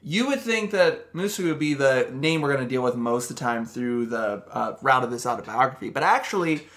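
A man co-hosting a podcast, walking his friends through a historical story at length. His pitch sits in a middle range, and he talks in an easygoing way, with "um"s and laughs along the way. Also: expressive, brisk, a bit bright. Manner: explains at length with fillers, laughs easily. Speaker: podcast co-host presenting the episode's topic. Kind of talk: casual history podcast chat.

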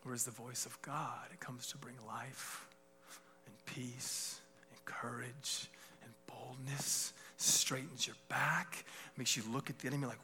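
A man preaching a sermon as a guest speaker, swinging from loud declarations to hushed whispers. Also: mid-range voice, fairly even intonation, a little slow, a little hiss or hum.

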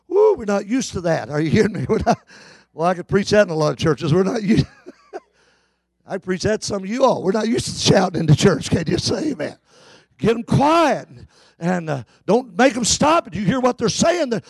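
A middle-aged male pastor preaching a sermon, talking then swelling into shouted, chanted climaxes. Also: sits high, dry recording.

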